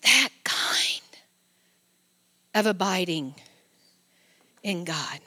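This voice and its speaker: A middle-aged woman preaching a sermon in a church and reading scripture. She speaks straight to her congregation with affection, and swings from loud exclamations down to soft near-whispers. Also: lowish voice, expressive, drawn-out words, big-room sound.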